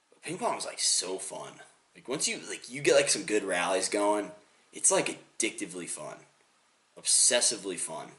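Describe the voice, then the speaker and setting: A man's voice: sits low, fairly bright tone, echoey room. A young man hosting a solo podcast, rambling loosely and jokingly with lots of filler words. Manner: rambling, loose and jokey, heavy use of 'like'. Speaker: podcast host.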